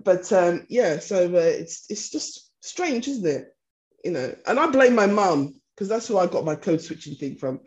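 A woman's voice: lowish voice, moderate pace. A woman from East London hosting a casual podcast, telling stories with frequent laughs. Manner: animated storyteller, laughs often. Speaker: podcast host. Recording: dull lo-fi sound.

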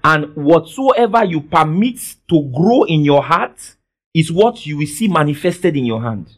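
A man delivers a sermon in a high, lively voice. He leans on call-and-response and swings from soft to loud. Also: a little slow. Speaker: pastor. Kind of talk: preaching a sermon.

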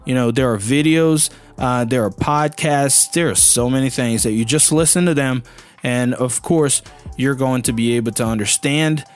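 A man's voice: mid-range voice, normal speed, soft background music. Chatty male English teacher. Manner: chatty, enthusiastic, many "you know" fillers. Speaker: English teacher and podcast host. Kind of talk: casual teaching monologue.

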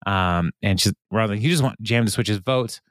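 A lower-voiced man chats through a recap, laughing a lot and dropping into quick quoted lines. The sound is dry and close, with no room around it. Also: fairly bright tone, no echo. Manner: laughs often, quotes characters in quick bits. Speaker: podcast host recapping an episode. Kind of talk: casual recap chat.

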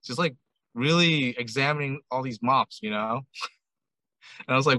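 Speaking at medium pitch and a moderate pace with frequent pauses, this ramen shop owner gives a chatty, animated retelling in a casual interview, acting out lines with many "I'm like" quotes. The recording is rough but has no echo.

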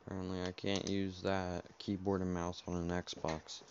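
A man's voice: sits low, completely flat delivery, moderate pace, a little mellow. A young man hosting a casual first podcast, rambling and unsure, with lots of fillers, at home by his game console. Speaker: podcast host. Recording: dull lo-fi home recording, faint keyboard noise.

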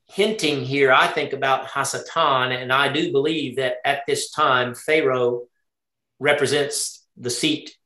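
A man's voice: medium pitch, sharp tone, echoey room. A man leading an interactive Torah study lesson. He thinks aloud, often asks his group questions and checks they are following along. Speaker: Bible study teacher.

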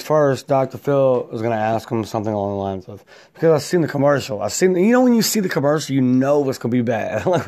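A man's voice: medium pitch, no echo. A man hosting his own show, delivering a profane, laughing rant. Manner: loud, swearing, laughing, animated ranting. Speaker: host.

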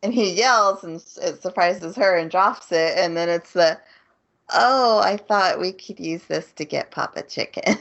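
A woman's voice: fairly low pitch, unhurried, a bit bright, muffled recording. A woman co-hosting a podcast, chiming in with giggles during a casual anime recap. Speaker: podcast co-host.

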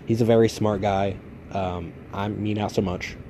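Laid-back low-voiced man rambling. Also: fairly even intonation, moderate pace, warm tone, a little hiss or hum. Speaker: podcast host. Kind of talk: casual storytelling monologue.

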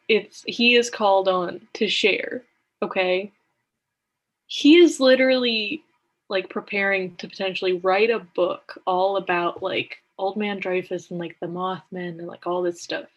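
A woman's voice: medium pitch, steady tone, measured pace, highs cut off. A woman co-hosting a podcast, chatting casually about a TV episode in a rambling way, full of filler words. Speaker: podcast co-host. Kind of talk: casual TV recap chat.

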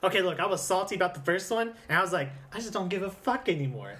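A young man co-hosting a casual chat, telling school stories quickly with lots of "like" and "you know.". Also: high-pitched, lively intonation, fairly bright tone. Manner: rapid storytelling full of "like" and "you know".

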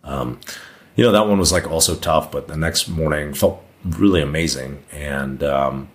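A man's voice: a bass voice, normal speed. A man as a podcast guest, telling a long personal story in a casual, rambling way with lots of "like" fillers.

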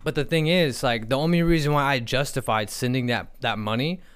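A man's voice: medium pitch, a little fast, fairly bright tone, smooth. A young man co-hosting a podcast in casual chat, telling stories with quoted dialogue and a lot of swearing. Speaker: podcast co-host.

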